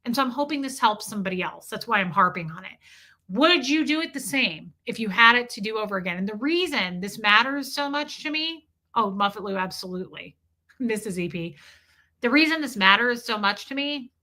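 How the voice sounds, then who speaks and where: A woman's voice: on the high side, expressive, moderate pace, pushed and bright. A woman hosting a livestream, telling a personal story with emphasis and greeting her chat along the way. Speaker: livestream host.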